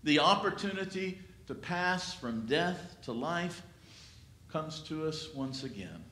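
A pastor preaching a sermon in a church, with a slow, dramatic delivery that swells and then drops to a hush. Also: male voice, a little high, sing-song. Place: church sanctuary. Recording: echoey church room.

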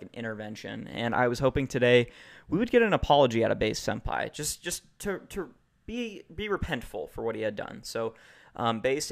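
A man's voice: mid-range voice, vocal fry. An American man hosting a podcast over a call, chatting casually and teasing his co-hosts. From United States. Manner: teasing, joking banter. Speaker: podcast host. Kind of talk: casual chat. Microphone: video call.

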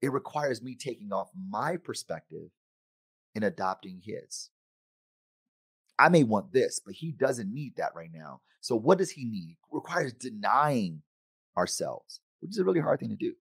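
A middle-aged man giving a conference keynote, animated and acting out the voices of friends and himself. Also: fairly low pitch, normal speed, creaky, breathy edge, no echo, studio quality. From United States. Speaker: conference speaker. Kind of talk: keynote talk.

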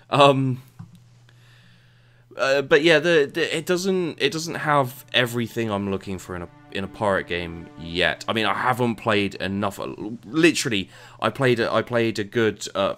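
Man, lowish voice, casual gameplay commentary, rambling, stumbles over words, faint game music behind. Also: fairly bright tone, clear, resonant tone. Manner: rambling, stumbles and repeats words, mutters asides. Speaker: game reviewer.

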